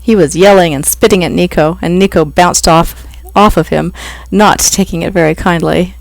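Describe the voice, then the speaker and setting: An author reading a novel aloud, with steady, even narration. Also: medium pitch, normal speed, gravelly, no echo. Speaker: author reading own book. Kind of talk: audiobook reading.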